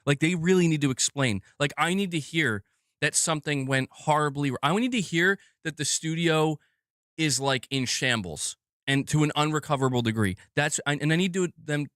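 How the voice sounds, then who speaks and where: A man's voice: on the high side, moderate pace, fairly bright tone, no echo, studio quality. A man ranting on his live stream, exasperated and swearing a lot. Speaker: gaming news streamer.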